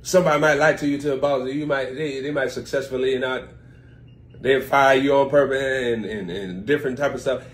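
A man preaching over a live stream, his voice sitting in an ordinary middle register. He reads verses slowly, then breaks into loose, chatty explanation aimed at his online viewers, rising sharply and louder when he presses a point. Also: medium pitch, fairly even intonation. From United States. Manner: reads scripture slowly, then explains it with sudden loud swings.

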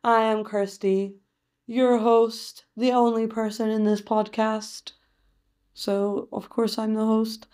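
A woman's voice: on the high side, level tone, slow, dark tone, clean tone. A young Scottish woman hosting her own podcast diary, self-mocking and playful, sometimes slipping into a sing-song teacher voice. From Scotland. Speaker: podcast host. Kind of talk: chatty solo podcast diary.

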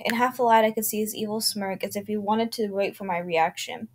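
A woman's voice: mid-range voice, steady tone, a little fast. A woman narrating a first-person horror story, reading unevenly with slips and self-corrections. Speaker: channel host reading creepy stories.

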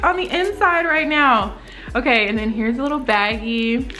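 Bright, excitable young woman. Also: moderate pace. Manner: gasping, exclaiming, swooping up high when thrilled. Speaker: beauty vlogger unboxing small-business packages. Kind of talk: excited casual unboxing vlog.

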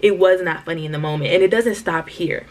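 A woman's voice: fairly low pitch, a little fast. A young woman telling a slangy storytime to her viewers, talking straight to them. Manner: animated slangy storytelling, addresses viewers as y'all. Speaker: vlogger. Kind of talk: storytime vlog.

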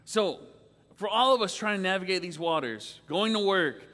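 Pastor, male, high voice, casual earnest sermon delivery in a reverberant sanctuary. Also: animated, moderate pace, bright, forceful tone. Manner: earnest, conversational preaching with frequent "right?". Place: church sanctuary. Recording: long reverb of a church hall.

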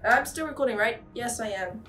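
A woman playing a VR game who chats to herself in an excitable way, with many exclamations, recorded from a distance in an echoey room. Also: a little high, fairly quick, faint music behind. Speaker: gamer streamer.

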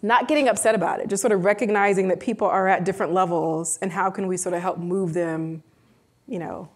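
A woman professor speaking on a live panel, an animated storyteller who keeps checking in with "right?". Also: lowish voice, fairly quick. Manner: animated storyteller who acts out quoted dialogue; frequent rhetorical "right?" tags.

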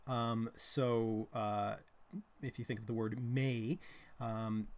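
A man's voice: mid-range voice, level tone, slow. A Canadian man co-hosting a live stream, explaining linguistics in a casual, hesitant way with many ums and restarts. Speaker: co-host.

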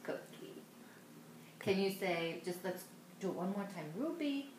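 A young woman patiently coaxing a toddler to say names, repeating them slowly and laughing softly. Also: medium pitch, animated, slight background noise. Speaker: parent coaching a toddler to say names. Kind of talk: home video, coaxing a child. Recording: echoey room.

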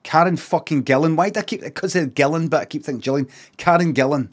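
A man's voice: fairly high pitch, fast. A man with a Scottish accent chatting casually on a live stream, rambling and swearing, with sarcastic asides.

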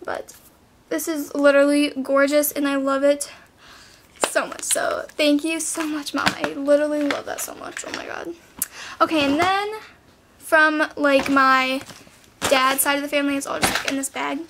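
A woman's voice: sits high, little pitch movement, normal speed, background noise. A teenage girl vlogging casually, bubbly and full of "like" and "literally". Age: teens. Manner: bubbly, says "like" and "literally" a lot. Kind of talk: casual haul vlog.

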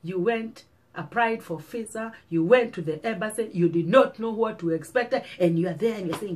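A woman's voice: mid-range voice, brisk, a little mellow. A woman pastor with a Kenyan accent, preaching an earnest sermon with repeated exhortations.

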